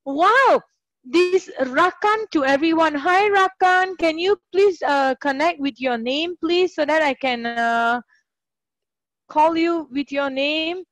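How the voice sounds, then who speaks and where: High-voiced woman teaching an online class. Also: slow pace, a bit bright, dry recording. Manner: encouraging, chatty, greets students by name. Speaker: online English tutor. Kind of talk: live online grammar class.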